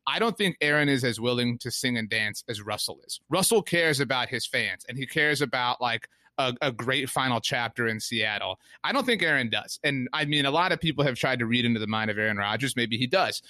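Bright-voiced rambling podcast co-host. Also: male voice, mid-range voice, expressive, brisk, few pauses, no echo. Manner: rambling, many fillers, mimics players in quotes. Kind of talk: casual sports podcast chat.

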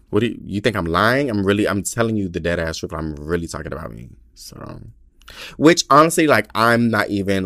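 A man hosts his own podcast in loose, chatty talk, candid, profane and quick to poke fun at himself. His voice sits a little low. It is recorded close and dry on a small mic. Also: sing-song, a bit bright, dry recording. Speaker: podcast host. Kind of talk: casual chat.

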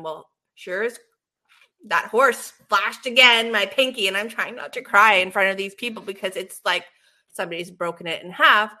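A woman co-hosting a casual spiritual chat, telling stories with lively swings between loud and soft. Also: fairly low pitch. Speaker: co-host, animal communicator.

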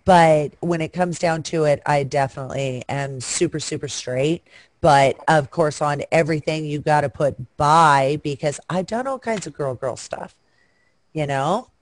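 The guest performer's deep voice comes through unhurried in a dry recording. She chats casually on a video call, speaking frankly and bawdily and cracking jokes along the way.

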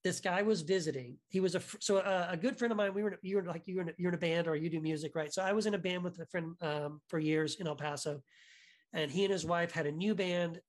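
A man guest on a podcast, telling a story in a casual, animated way, full of restarts and "right?" asides. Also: high voice, fast talker. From United States.

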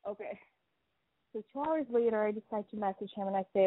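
A woman in her twenties calls in to a radio show and tells a rambling story stuffed with "like"s. Her mid-range voice runs a little fast, heard dry over a tinny phone line with no room sound.

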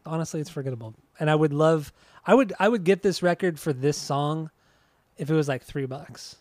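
A man's voice: on the high side, brisk, darkish tone, no echo, clean studio sound. A man co-hosting a podcast in casual chat, easygoing and enthusiastic about the music he likes. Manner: easygoing, enthusiastic, laughs often. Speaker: podcast co-host.

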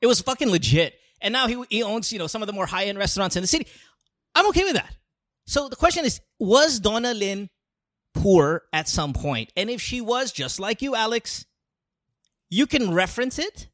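Male comedian host, high lively voice, dry close sound, blunt and profane. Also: moderate pace, no room sound. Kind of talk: casual chat.

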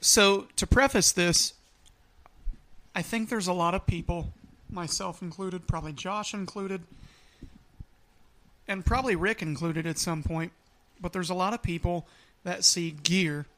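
A man co-hosting a podcast in relaxed, joking casual chat. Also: high voice, a little slow, pauses often. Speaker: podcast co-host.

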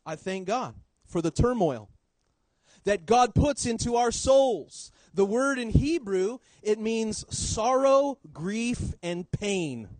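A man preaching a sermon in church, swinging between loud emphasis and quiet low drops. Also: animated, slow pace, no echo, low-quality recording.

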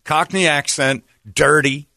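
A man's voice: a little high, steady tone, takes it slowly, creaky, sharp tone, no echo, clean studio sound. A man hosting a morning radio show, joking and rambling in casual banter. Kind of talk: casual chat.

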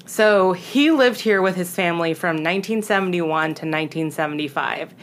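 A woman's voice: on the low side, normal speed, slight background noise. Chatty woman telling ghost stories. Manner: chatty, lots of "like", acts out quoted lines. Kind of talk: casual storytelling chat.

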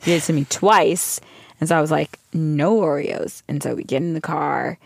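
A woman's voice: low voice, normal speed, gravelly, no echo, clean studio sound. A pregnant young woman co-hosting a podcast, telling a story in casual chat and acting out her toddler's lines. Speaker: podcast co-host.

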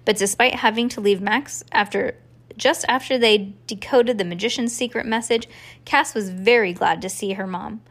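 A woman reading a children's storybook aloud to a child, with a calm storytelling cadence. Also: mid-range voice, moderate pace. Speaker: reader to a child.

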